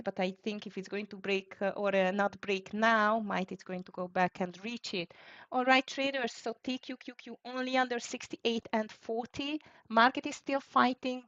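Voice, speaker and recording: A woman's voice: a little high, steady tone, normal speed, a bit bright, dry recording. Fretful woman calling live trades. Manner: fretful, thinking aloud, calling out prices. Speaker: live trading stream host. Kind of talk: live market commentary. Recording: dry, dull lo-fi sound.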